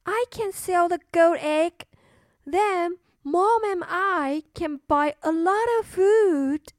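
A woman's voice: very high-pitched, slow, dry recording, clean studio sound, voice pushed up. A woman voicing a hopeful, curious young boy thinking aloud in a children's story. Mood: eager.

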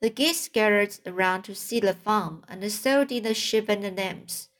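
A woman's voice: medium pitch, unhurried, fairly bright tone. A woman narrating a children's storybook aloud, reading carefully with occasional slips and restarts. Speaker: audiobook reader.

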